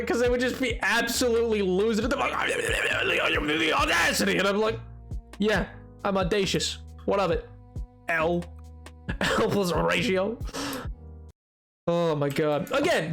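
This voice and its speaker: Young man, high-pitched, live-stream chatter, lively storyteller who laughs a lot. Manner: animated storytelling, laughs often, mocking voices. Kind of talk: casual live-stream chat while gaming.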